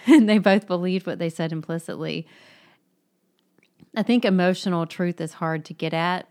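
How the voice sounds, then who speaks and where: A woman's voice: lowish voice, normal speed, a little mellow, clean tone. A woman co-hosting a casual book discussion, thoughtful, laughing often and trailing off mid-thought.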